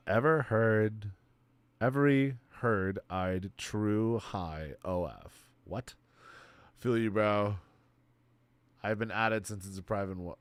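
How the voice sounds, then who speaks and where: A man's voice: on the low side, smooth, no echo. A man casually chatting with viewers while streaming a game, laid-back and swearing freely. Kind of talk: casual livestream chat.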